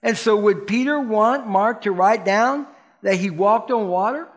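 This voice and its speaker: Animated high-voiced male preacher. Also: unhurried. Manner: animated, playful preaching that asks the congregation questions and acts out quotes. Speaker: pastor. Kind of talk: sermon.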